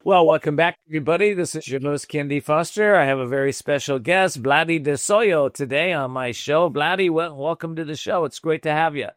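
A man's voice: fairly high pitch, fairly quick, few pauses, no room sound, clean studio sound. A man hosting a talk show, interviewing a guest and reading his bio in a friendly way.

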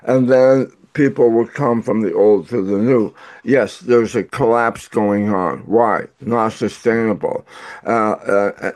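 A man's voice: fairly low pitch, slow, darkish tone. A man in his eighties, a guest author answering interview questions in an earnest, lecturing way with many filler "uh"s. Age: 80s.

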